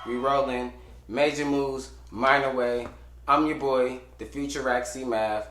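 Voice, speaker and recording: A man hosting a podcast from a studio, ranting about fights in a brash, profane way, shouting at times and muttering at others. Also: medium pitch, steady tone, a little slow, roomy sound, background noise. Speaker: podcast host. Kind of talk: loud casual sports rant.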